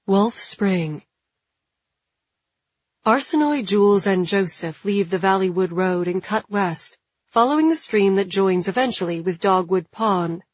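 A woman reading an audiobook in a measured, even narration. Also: mid-range voice, dry recording. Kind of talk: scripted narration. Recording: dull, dry studio sound.

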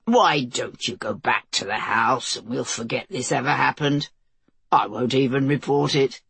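A woman voicing a brutal, abusive husband who alternates between coaxing and taunting, speaking low. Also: a little slow, creaky, a bit bright, husky, no room sound, full character voice. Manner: coaxing, entitled, low-voiced.

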